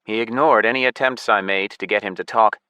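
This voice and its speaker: A man narrating a science fiction audiobook in the first person with a steady, even delivery. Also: on the low side, brisk, smooth, dry recording.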